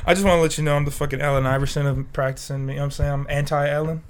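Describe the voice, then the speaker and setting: A man's voice: a little high, little pitch movement, rapid-fire. A young man co-hosting a casual podcast, joking with a lot of swearing and frequent laughter while under the weather. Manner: profane, joking, laughs often. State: sick. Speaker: podcast co-host. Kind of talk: casual chat. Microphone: desk mic.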